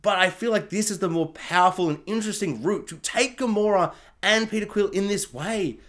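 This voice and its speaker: A film reviewer talking through a movie in a casual, chatty way, full of asides and fillers, now and then acting out characters in quick mock voices. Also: mid-range voice, a bit bright.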